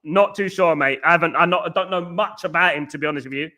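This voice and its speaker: Chatty stream host, guy with a high bright voice, rambles and repeats himself. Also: quick pace. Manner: rambling and jokey, repeats phrases, lots of fillers. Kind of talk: casual live-stream chat reading comments.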